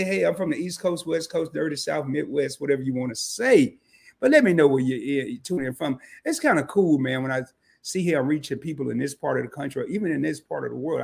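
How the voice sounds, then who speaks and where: A man's voice: a little high, gravelly, husky. A man hosting a casual live stream about credit cards, chatting loosely with viewers in slang, greeting them by name and correcting himself as he goes. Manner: frequent fillers and self-corrections. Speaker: credit card channel host.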